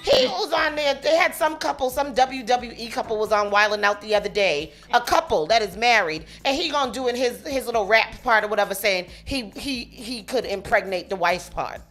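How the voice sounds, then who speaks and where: Brief: woman co-host, high-ish voice, incredulous rhetorical questions, casual radio banter. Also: brisk, few pauses, fairly bright tone. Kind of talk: casual morning radio chat.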